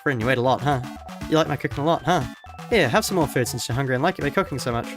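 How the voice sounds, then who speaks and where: A man voicing an excitable child cook who brags loudly about his food, over game music. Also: medium pitch, racing, lightly acted. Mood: pushy.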